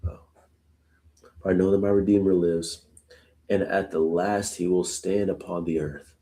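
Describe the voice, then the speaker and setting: Reading scripture live and then commenting on it, this Bible study host keeps things conversational with casual "y'all" remarks. He has a deep, steady, mellow voice and an unhurried delivery.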